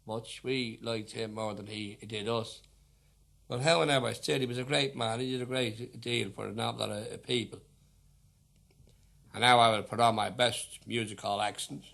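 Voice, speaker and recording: On an old archival record, a Dublin-accented singer introduces his unaccompanied ballads, chatting wryly with hesitant fillers. His voice is medium-pitched, a bit bright, with vocal fry and fairly even intonation at a normal speed.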